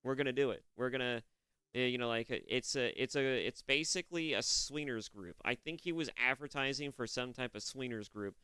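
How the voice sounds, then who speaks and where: A man's voice: medium pitch, brisk, few pauses, bright, forceful tone, clear, resonant tone, dry recording. A young man from California giving casual, profane reaction commentary, rambling with restarts. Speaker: reaction streamer.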